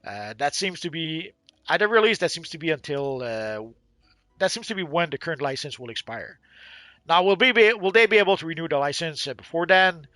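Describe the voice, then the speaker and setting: A man co-hosting a casual game livestream, his voice bright and a touch high. He rambles and hedges, circling back with fillers and restarts. The sound is dry and close, with no room around it. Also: lively intonation, fairly quick, dry recording. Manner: rambling, hedging with many uhs and restarts.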